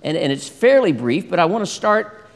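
A man preaching a sermon in a lively way, acting out scripture dialogue and asking the congregation questions. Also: sits high, normal speed. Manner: animated, acts out biblical dialogue, asks congregation questions. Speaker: pastor. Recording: long hall reverb.

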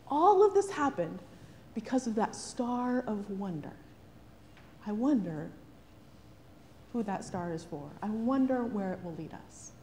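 Animated woman preaching in a reverberant hall. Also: medium pitch, slight background noise. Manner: animated, rhetorical, frequent "right?". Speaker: pastor. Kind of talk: sermon.

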